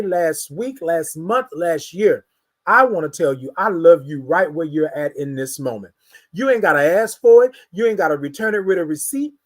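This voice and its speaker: High-voiced encouraging man. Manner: preacher-like, repetitive, encouraging. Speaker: host. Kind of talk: motivational morning show talk.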